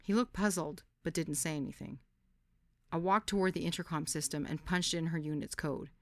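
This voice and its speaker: A woman's voice: low-pitched, creaky, fairly bright tone, no room sound, clean studio sound. A woman podcast host reading a candid first-person memoir story.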